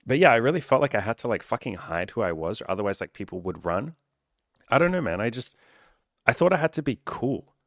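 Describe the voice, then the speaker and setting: A man's voice: medium pitch, sing-song, brisk, a bit bright, no room sound, studio quality. A young man talking casually to camera as a dating coach, candid and full of swearing and filler words.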